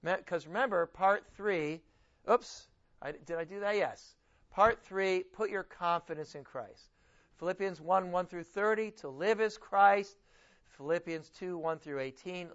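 Male pastor, informal lecture-style sermon, stresses key words, somewhat higher voice, dull lo-fi recording. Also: a bit bright. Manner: informal, self-correcting, reads scripture aloud with emphasis. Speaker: pastor teaching a Bible study. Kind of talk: conversational sermon.

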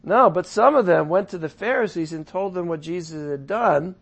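A man leading a casual Bible study, paraphrasing scripture in his own words with chatty asides and swinging from loud to soft. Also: high-pitched, moderate pace, creaky. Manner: lively shifts from loud to soft.

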